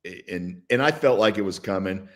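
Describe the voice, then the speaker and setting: A man's voice: deep voice, animated, fairly quick. A man in his sixties, a former football player, telling stories and giving blunt opinions as a guest in casual sports talk, chuckling often.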